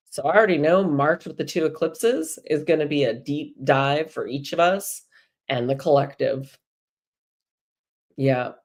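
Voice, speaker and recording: A low-voiced woman hosts a live spiritual talk for her viewers. She chats casually, drifts between stories and encouragement, and laughs easily as she goes. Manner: warm, chatty, laughs often. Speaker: host of a live spiritual energy show.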